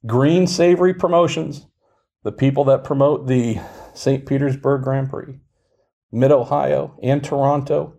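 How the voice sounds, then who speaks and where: 40s guy hosting a podcast, mellow warm voice, dry jokey news rundown. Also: mid-range voice, measured pace, vocal fry. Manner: dry, wry delivery of news with mock hype. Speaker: podcast host. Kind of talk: casual podcast chat.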